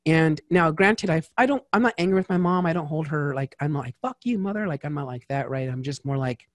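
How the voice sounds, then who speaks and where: A man talking as a tax strategist guest in a casual interview, lively and chatty with lots of asides. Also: fairly high pitch, a little fast, no room sound, studio quality.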